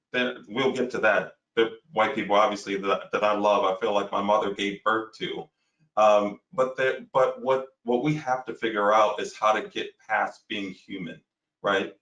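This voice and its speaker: A man's voice: on the low side, a bit bright. A man speaking earnestly as a guest on a discussion panel, searching for words with many restarts and fillers. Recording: roomy, distant from the mic.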